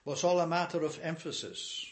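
A man's voice: on the high side, steady tone, fairly quick. An older man preaching a sermon in an earnest, emphatic way, repeating key phrases.

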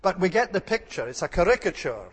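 A man's voice: sits high, sing-song, a little fast, slightly rough, in a large hall. A man preaching an earnest, emphatic sermon and repeating his key words for stress.

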